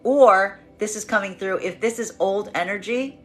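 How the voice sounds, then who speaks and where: A woman giving a tarot reading in an expressive monologue, acting out the voices she quotes. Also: mid-range voice, normal speed, soft background music. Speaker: tarot reader.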